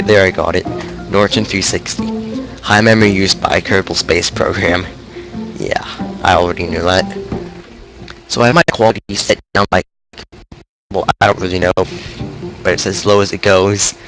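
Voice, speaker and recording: On a rough recording, a man with a cold offers rambling, self-mocking let's-play commentary as he streams a video game, thinking aloud in a low, creaky voice that sounds congested.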